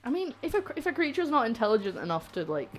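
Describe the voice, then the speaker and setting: A woman's voice: a little high, big pitch swings, very fast, over loud music. A woman chatting casually while baking on a live stream, teasing and laughing often. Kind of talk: casual chat while cooking.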